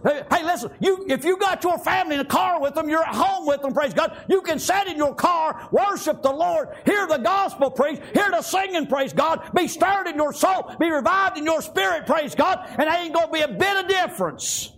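A male preacher giving a fervent sermon, peppering it with "amen" and "praise God" and rising into shouts. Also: extremely high pitch, expressive, normal speed, hardly any pauses. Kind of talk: fiery sermon.

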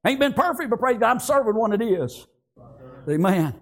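A middle-aged man preaching a sermon in a folksy rural way, calling out to the congregation and dropping into quiet storytelling. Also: very high-pitched, very animated, moderate pace. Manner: folksy, rural speech, frequent call-outs and "praise God"; swings between shouting and hushed storytelling. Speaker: pastor.

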